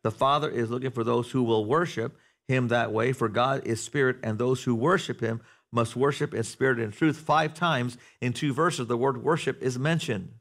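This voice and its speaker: A man preaching a sermon to a congregation in a church, talking conversationally, asking the room questions and building to loud, animated passages. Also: mid-range voice, moderate pace. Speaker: pastor. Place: church sanctuary before a congregation.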